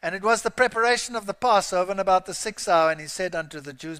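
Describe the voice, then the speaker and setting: A man's voice: high-pitched, quick pace, few pauses, fairly bright tone, clear, resonant tone. A man preaching a sermon, reading scripture aloud with emphatic, rising exclamations. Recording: long hall reverb.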